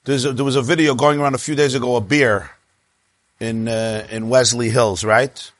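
A man's voice: medium pitch, moderate pace, dry recording. A man teaching a religious class, telling stories and stammering now and then as he explains. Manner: lively storyteller, stammers on restarts. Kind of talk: religious class lecture with anecdotes.

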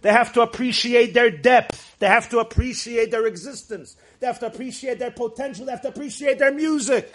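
Brief: high-pitched male Torah teacher, emphatic, storytelling delivery with Yiddish and Hebrew phrases. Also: brisk, few pauses. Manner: emphatic, rises to shouts for stress. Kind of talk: Torah class lecture.

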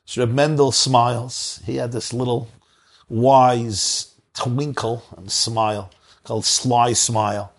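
A male preacher telling a moral story in a sermon. He speaks earnestly and pauses for drama. His voice is husky at a middle pitch. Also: level tone.

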